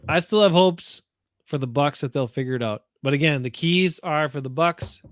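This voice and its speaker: A podcast co-host talks sports in a blunt, rambling, opinionated way at a moderate pace. His voice sits a bit high for a man, and the sound is dry and close with no room around it.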